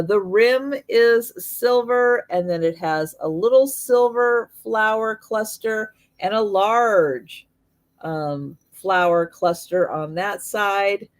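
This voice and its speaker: A woman hosting a live online sale, listing vintage items and prices one by one with fillers, her voice slightly worn. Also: medium pitch. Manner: slow, item-by-item pricing with fillers.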